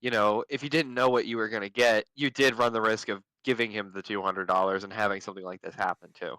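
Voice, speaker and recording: A man's voice: fairly low pitch, steady tone, fast, sharp tone, clear, resonant tone, no room sound, low-quality recording. A man co-hosting a stream, skeptical and questioning in casual chat. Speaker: co-host.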